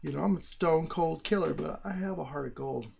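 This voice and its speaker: An American man hosting a casual livestream, chatting to viewers in a profane, rambling way with sudden loud outbursts. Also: a little high, brisk, gravelly, breathy edge. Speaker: livestream host.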